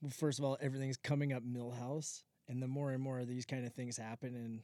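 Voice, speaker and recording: A laid-back man talks casually, telling his story with sarcastic little asides. His voice is mellow and dark, recorded close and dry with no room sound. His pitch sits in a middle range for a man. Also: level tone, a little fast, dry recording. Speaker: podcast co-host, drone videographer. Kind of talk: casual chat.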